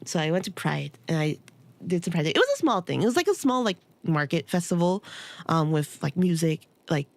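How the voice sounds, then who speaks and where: A woman's voice: fairly low pitch, brisk, gravelly. A young woman streaming a game, chatting casually and telling stories with lots of giggles. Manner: giggly, animated storytelling with frequent laughter. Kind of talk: casual chat while gaming.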